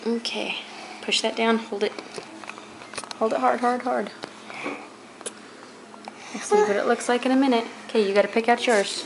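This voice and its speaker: A mother with a fairly high voice chats playfully with her kids, slipping into a sing-song cooing tone for the baby. She holds the camera herself at home, and a faint hiss sits under her voice. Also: normal speed, pauses often. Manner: playful, cooing and teasing talk to young kids. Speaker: mother filming her children. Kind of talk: casual family vlog chatter. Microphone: handheld camera.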